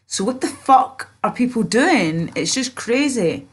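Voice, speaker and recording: A woman's voice: a little high, very animated, a little slow. A young woman from Scotland livestreaming from home, rambling and swearing as she talks to her chat about the news while complaining of a sore back. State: sore back, just out of the shower.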